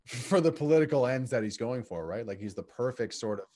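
An easygoing man in a casual podcast chat, with a middling voice. He agrees readily and trips over his own starts, circling back before he lands a point. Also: mid-range voice. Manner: relaxed, agreeable, halting restarts. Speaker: podcast co-host.

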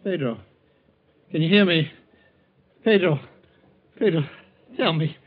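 An actor playing a greedy, scheming thief and killer in a 1940s radio drama. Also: male voice, on the high side, slow. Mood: desperate. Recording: muffled old radio broadcast.

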